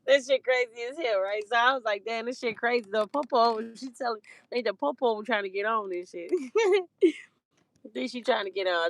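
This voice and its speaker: A woman's voice: mid-range voice, creaky. A woman telling a story in a casual, profane rant, swearing heavily and laughing between heated lines.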